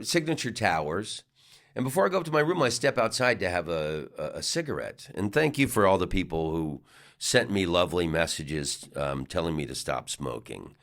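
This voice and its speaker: A middle-aged comedian tells a loose, rambling story in a low-pitched voice. His intonation swings up and down, and he keeps circling back with fillers and false starts. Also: fairly bright tone. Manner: rambling, with many restarts and fillers. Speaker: comedian and podcast host. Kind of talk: casual storytelling monologue.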